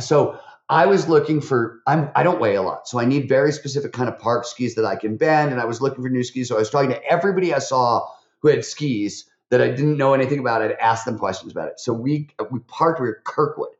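Chatty man telling stories in a roomy recording. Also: medium pitch. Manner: chatty, many fillers and restarts, voice jumps up for quotes. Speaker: podcast guest, author. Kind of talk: animated interview storytelling. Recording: roomy, slightly dull recording.

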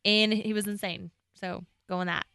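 A woman co-hosting a radio show, chatting casually and reading out lists of nominees at a quick, upbeat clip. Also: medium pitch, fairly even intonation, creaky, pushed and bright, clear, resonant tone, no echo, clean studio sound. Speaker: radio co-host. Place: radio studio.

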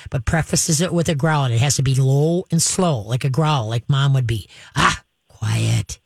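A woman's voice: very deep voice, moderate pace, darkish tone, husky, dry recording, studio quality. A woman hosting a radio call-in show about pets, chatty and direct, acting out the commands she recommends. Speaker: radio pet show host.

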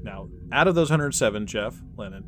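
A man's voice: fairly low pitch, expressive, moderate pace, a little hiss or hum. A man co-hosting a podcast in casual chat who talks playfully and goes into detail. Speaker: podcast co-host.

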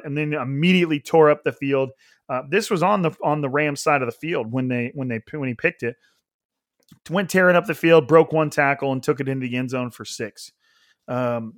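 Man, podcast host, fairly high voice, dry close sound, casual football breakdown. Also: fairly bright tone, dry recording. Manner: conversational, with frequent restarts and fillers. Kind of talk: casual sports analysis.

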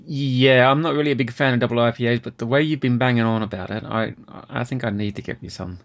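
A man's voice: mid-range voice, steady tone, fast. A man hosts a casual beer podcast with cheeky, lightly sweary banter. His voice sits mid-range. The audio is dull and lo-fi. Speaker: podcast host.

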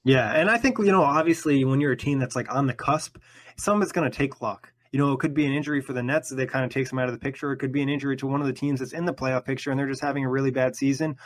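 Young guy hosting a basketball podcast, rattles along fast, dry close sound. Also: mid-range voice, steady tone, dry recording. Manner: eager, laughs easily. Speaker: podcast host. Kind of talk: casual sports chat.

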